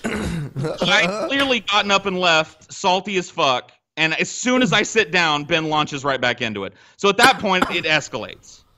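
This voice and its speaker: A man in a podcast studio tells a story with a bright, forceful tone, pitched a little higher than most men. His delivery is animated and full of swearing, and he slips into other people's voices when quoting them. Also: normal speed. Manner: animated, profane, acts out quotes. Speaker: podcast guest. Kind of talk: casual storytelling.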